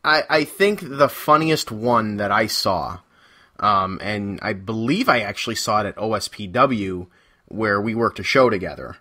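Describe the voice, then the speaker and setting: A man's voice: fairly low pitch, animated, unhurried, sharp tone. A man hosting a casual interview, friendly and encouraging, with frequent affirmations. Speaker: podcast host.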